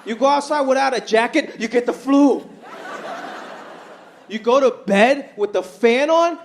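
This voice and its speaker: Animated man doing stand-up, higher voice. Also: normal speed. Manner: animated, acts out quoted voices. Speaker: stand-up comedian. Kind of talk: stand-up comedy set. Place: live stage before a laughing audience. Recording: live show with crowd and faint noise.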